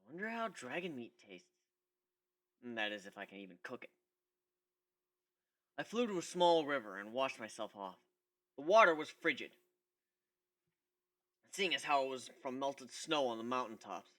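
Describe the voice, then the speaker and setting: A man narrates a fan story in the first person, giving it a dramatic reading. His voice is bright and lively, and its pitch rises and falls freely. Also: moderate pace, pauses often. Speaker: reader.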